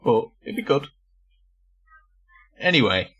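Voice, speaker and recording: A young man chatting on a podcast, spinning funny stories and cursing freely. His voice is bright and forward, and he laughs through his tales with middling pitch. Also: sing-song, slow pace, husky, lo-fi sound. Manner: swearing, laughing storyteller. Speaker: podcast co-host. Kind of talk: casual chat.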